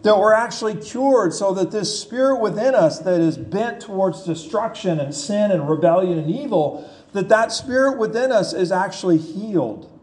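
A man's voice: high voice, animated, moderate pace, darkish tone. A man preaching a sermon in an emphatic, repetitive way, asking the listeners rhetorical questions.

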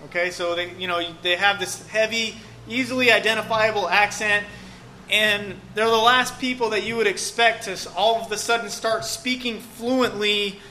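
A man's voice: sits high, steady tone, moderate pace, pushed and bright, a little hiss or hum. A man preaching a sermon in a casual, joking way, often saying "okay" and "um". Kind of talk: conversational sermon.

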